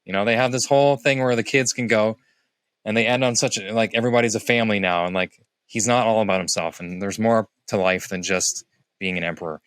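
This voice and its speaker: Man, podcast co-host, animated retelling, dry close mic. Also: a little fast, clean tone, no room sound. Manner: animated, acts out quoted lines in higher voices. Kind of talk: casual movie review chat.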